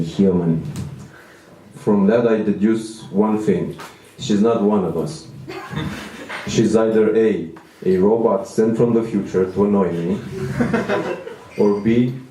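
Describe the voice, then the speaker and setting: A man's voice: lowish voice, mellow, far from the mic, a little hiss or hum. A man in his thirties doing a stand-up comedy set, self-deprecating and rambling with restarts, in a small venue. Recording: echoey room, mic from afar.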